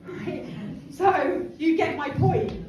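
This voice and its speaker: High, lively woman in an echoey hall. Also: takes it slowly. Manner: animated, chatty, laughs often, asks the room questions. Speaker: empowerment speaker running a workshop. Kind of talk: lively workshop talk to a group. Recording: echoey hall from far off, crowd behind.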